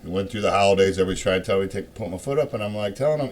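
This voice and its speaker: A middle-aged man telling a rambling, profane story in a casual rant, swearing often and getting louder and more worked up as he goes. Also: fairly low pitch, very fast, few pauses. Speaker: show host.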